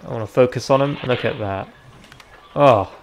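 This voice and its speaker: A young man chatting casually over his gameplay, reacting out loud and swearing freely. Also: mid-range voice, moderate pace, a little hiss or hum. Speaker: gaming video creator.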